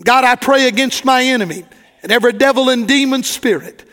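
A man's voice: very high-pitched, a little fast, bright, forceful tone. A man preaching a sermon as pastor, folksy and building in fervor. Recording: long hall reverb.

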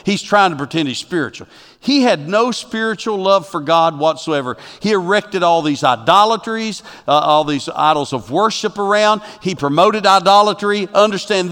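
A man preaching a sermon as a pastor, animated and swinging from loud to hushed. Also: on the high side, normal speed, big-room sound.

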